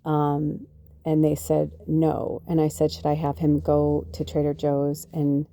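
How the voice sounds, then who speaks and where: A woman podcast host telling a rambling personal story in a casual, chatty way, full of fillers and excited quoted lines. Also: low voice, a little slow, gravelly, no echo. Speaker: podcast host and spiritual medium.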